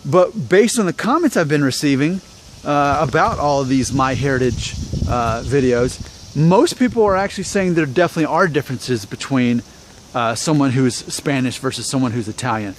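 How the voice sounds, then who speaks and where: A man's voice: medium pitch, animated, moderate pace, slight background noise. A man from Alabama talking to camera in a rambling, self-deprecating way, full of fillers and restarts. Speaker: YouTube vlogger. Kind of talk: casual talk to camera.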